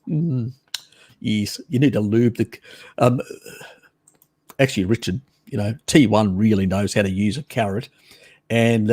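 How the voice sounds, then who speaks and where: A man's voice: mid-range voice, dark tone. A man hosting a casual live stream, chatting with viewers in a teasing, cheeky way and laughing often.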